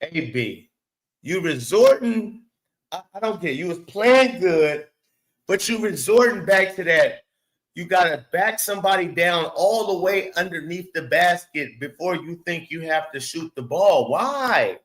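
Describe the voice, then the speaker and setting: High-voiced man ranting about basketball. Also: animated, unhurried, fairly bright tone, rough recording. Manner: blunt, profane, exasperated rants; repeats words for emphasis. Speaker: sports show host. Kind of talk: casual basketball commentary.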